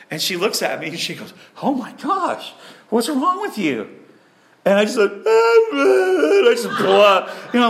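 Man, pastor, sermon, high voice, swooping delivery, echoey room. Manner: animated, self-deprecating, acts out quoted voices.

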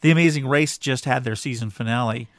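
A man's voice: mid-range voice, brisk, no room sound. A middle-aged man co-hosting a casual home podcast, talking in a rambling, easygoing way with frequent restarts. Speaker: podcast co-host.

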